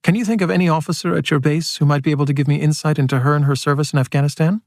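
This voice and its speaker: A man reading aloud and voicing a brisk woman federal agent who speaks fast, with clipped, sharply polite phrasing. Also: fairly high pitch, fairly even intonation, darkish tone, dry recording, clean studio sound, pitched above the performer's own voice, close to an everyday voice. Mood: pointed.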